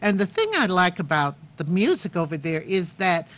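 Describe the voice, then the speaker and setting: A woman's voice: lowish voice, big pitch swings, moderate pace, fairly bright tone. An older woman hosting a chatty TV interview, effusive and repeating words for emphasis. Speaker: talk show host.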